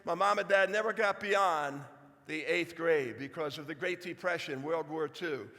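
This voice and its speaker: A man's voice: on the high side, normal speed, sharp tone, in a large hall. A man in his seventies gives a folksy, joking speech to a live audience, talking straight to the crowd. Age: 70s. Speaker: speaker. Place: large hall before an audience.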